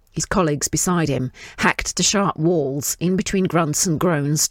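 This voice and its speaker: A woman reading her own fiction aloud in a measured, descriptive way. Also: low-pitched, dry recording, clean studio sound.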